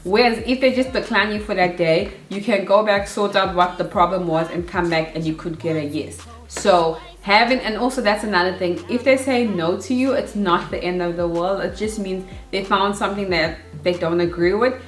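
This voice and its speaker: A young woman from Africa, giving casual advice in a chatty, animated way and acting out her own past nerves. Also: mid-range voice, moderate pace, hardly any pauses, faint music behind. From South Africa. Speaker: vlogger. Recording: echoey room.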